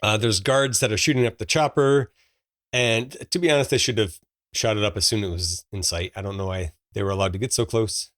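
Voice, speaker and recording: A man's voice: on the low side, brisk, fairly bright tone, dry recording, clean studio sound. A man in his forties co-hosting a podcast, chatting casually about a movie in a storytelling way with plenty of fillers and laughs. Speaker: podcast co-host. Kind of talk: casual movie review chat.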